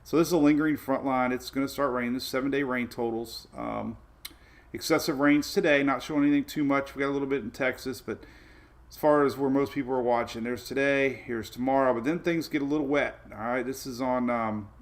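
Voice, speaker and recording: A man talks through weather maps on a casual livestream. His voice sits at a middle pitch. He rambles in an easygoing way, stopping for fillers and restarts and breaking off to greet viewers by name. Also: fairly even intonation, fairly quick. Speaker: weather show host.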